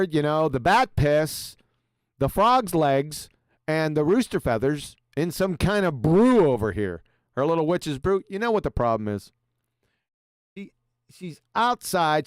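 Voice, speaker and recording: A sarcastic man tears into a video with abrasive, profane commentary. His pitch leaps and drops constantly and sits fairly high for a man. The sound is dry and close. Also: no echo. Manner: sarcastic, abrasive, swears a lot. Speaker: show host reacting to a video.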